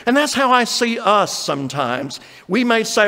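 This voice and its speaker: Male pastor, high voice, earnest sermon with scripture reading, reverberant church. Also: very animated, moderate pace, few pauses, pushed and bright. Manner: earnest preaching, reads scripture aloud, acts out quotes.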